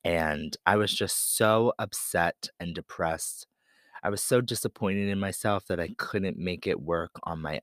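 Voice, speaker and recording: A man's voice: low-pitched, fairly bright tone, no room sound, clean studio sound. A man from Pennsylvania who hosts a podcast, telling a personal story in an earnest, candid and confessional way. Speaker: podcast host.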